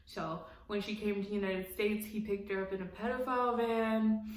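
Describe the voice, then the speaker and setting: A woman's voice: medium pitch, steady tone, moderate pace, echoey room, low-quality recording. A young woman recapping a reality show in casual, blunt, profane commentary, laughing often. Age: young adult.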